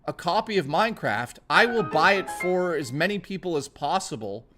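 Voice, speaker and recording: Emotional streamer man, lively pitch. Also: moderate pace, over music. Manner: emotional, rambling, swears, stammers. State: close to tears. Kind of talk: casual live-stream chat.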